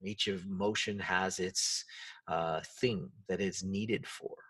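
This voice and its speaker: A man hosting a solo self-help podcast, talking in an animated way and acting out the quoted voices and reactions. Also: deep voice, slow pace, breathy edge, far from the mic. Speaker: podcast host.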